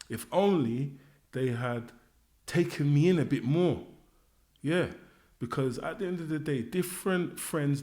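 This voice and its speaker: A man's voice: fairly high pitch, darkish tone. A man, hosting a solo podcast and talking candidly about his fears, rambling with street slang fillers. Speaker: podcast host. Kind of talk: reflective solo podcast monologue.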